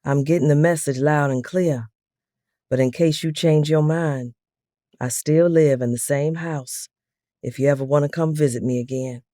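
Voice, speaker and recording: A woman voicing an eager middle-aged man who talks loud and fast and pleads in a rambling way. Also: on the high side, steady tone, no echo, studio quality, close to an everyday voice. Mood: subdued.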